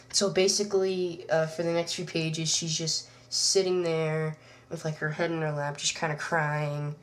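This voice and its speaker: A woman's voice: low-pitched, steady tone, moderate pace. A woman reviewing a comic book, recapping the plot in a rambling way with lots of fillers. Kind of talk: casual review vlog.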